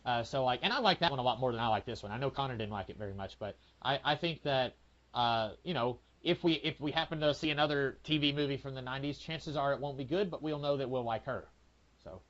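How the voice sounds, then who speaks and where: A man co-hosting a podcast in casual movie review chat, telling things in a rambling, halting way full of fillers and restarts. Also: medium pitch, a bit bright. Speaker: podcast co-host. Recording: lo-fi, dull sound.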